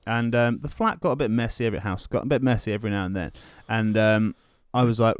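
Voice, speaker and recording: A man's voice: on the low side, quick pace, hardly any pauses, smooth, dry recording. A young man hosting a podcast from his home studio, telling stories animatedly and swearing freely. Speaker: podcast host. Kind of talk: casual banter.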